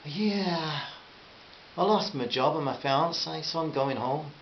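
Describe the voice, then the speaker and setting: A man's voice: on the high side, slow pace, reverberant, voice pushed up. A man reading a storybook and voicing a kind, heartbroken young man. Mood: wistful. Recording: slightly dull with faint hiss.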